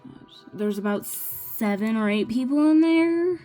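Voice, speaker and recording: A woman's voice: on the high side, animated, unhurried, warm tone, faint music behind. A young woman telling a rambling personal story in a casual chat while crafting, often restarting her sentences. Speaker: vlogger.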